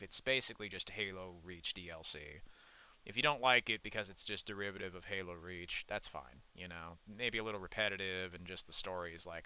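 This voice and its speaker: A man's voice: low-pitched, fairly quick, bright, forceful tone, clean tone. A young man giving rambling, profane let's-play commentary while he plays a game. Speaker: gaming YouTuber.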